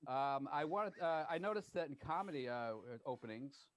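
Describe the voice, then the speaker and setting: A man's voice: a little high, expressive, no echo. A man in casual podcast chat, telling stories wryly and cutting in with jokes. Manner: wry, quick storyteller.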